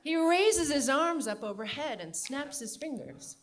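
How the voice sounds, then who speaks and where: A woman's voice: high-pitched, expressive, slight background noise. Wry middle-aged woman telling a story. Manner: wry, deliberate comic timing. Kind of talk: live storytelling performance.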